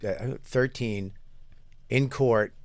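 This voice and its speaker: A man's voice: medium pitch, extremely slow, background noise. A middle-aged man telling a loose, profane story in casual chat as podcast co-host, with many restarts.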